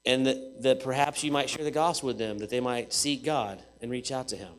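A man preaching a sermon in an animated way, repeating phrases for emphasis and swinging from loud to hushed. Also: medium pitch, brisk.

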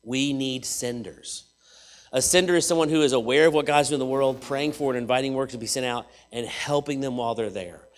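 A man preaching a sermon in an animated way, repeating phrases for emphasis and swinging from loud to hushed. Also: medium pitch, a little fast.

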